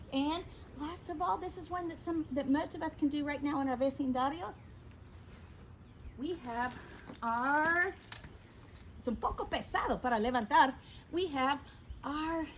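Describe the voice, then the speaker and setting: A woman's voice: high voice, a little hiss or hum. A woman teaching a children's Spanish vocabulary lesson, upbeat and prompting her class to repeat each word.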